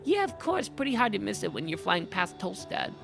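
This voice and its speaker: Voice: medium pitch, sing-song, brisk, gravelly, over music, pitched above the performer's own voice. A streamer voicing a tiny, sarcastic male devil who mocks and lectures in a smug, lawyerly way.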